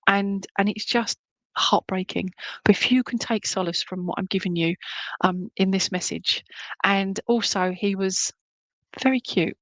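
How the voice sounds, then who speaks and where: A woman's voice: medium pitch, measured pace, fairly bright tone, no echo. A woman working as a medium, giving a chatty, reassuring clairvoyant reading at a church service and often checking in with her listeners.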